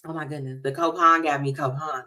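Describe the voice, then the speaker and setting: A woman hosting a radio talk show, chatting in a lively, casual way and speaking straight to her listeners. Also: low voice, brisk. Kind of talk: casual chat segment.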